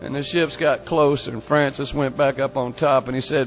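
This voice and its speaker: A man's voice: mid-range voice, steady tone, moderate pace, hardly any pauses, soft background music. A man telling a historical tale as a profane, folksy storyteller, full of swearing and colloquial talk.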